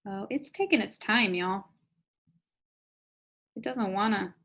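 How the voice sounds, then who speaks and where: A woman's voice: mid-range voice, takes it slowly, fairly bright tone. A woman leading a live online business training, chatty, upbeat and encouraging, talking straight to her audience. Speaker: network marketing trainer.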